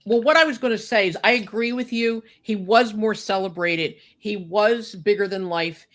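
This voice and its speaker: A woman telling a personal story with deep feeling, choked up, with lots of "you know" and "like". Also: normal speed, a bit bright. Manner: heartfelt, many fillers like "you know" and "like". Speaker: guest recalling a friend.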